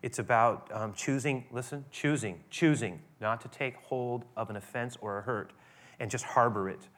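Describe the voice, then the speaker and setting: A man's voice: medium pitch, moderate pace, fairly bright tone. A man preaching a sermon as pastor, talking in a conversational way with restarts and building to emphatic peaks.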